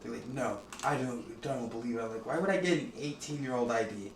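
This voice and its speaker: A man's voice: medium pitch, brisk. A young man co-hosting a podcast, telling rambling stories in casual chat and laughing often. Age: young adult. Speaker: podcast co-host. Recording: echoey room, distant mic, clear background noise.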